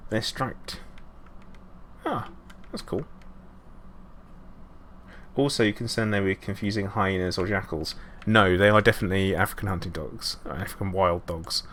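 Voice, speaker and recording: A man's voice: low voice, normal speed, long pauses, a bit bright, a little hiss or hum. A man streaming a game, chatting casually and rambling with self-mocking asides. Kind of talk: casual live gameplay commentary.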